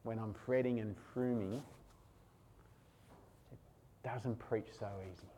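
A man preaching a sermon as pastor, emotional, moving between hushed and raised passages. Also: medium pitch, steady tone, slow, slight background noise.

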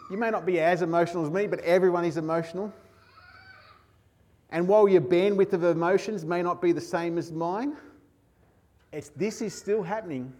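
A man preaching a sermon as pastor, emotional, moving between hushed and raised passages. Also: on the high side.

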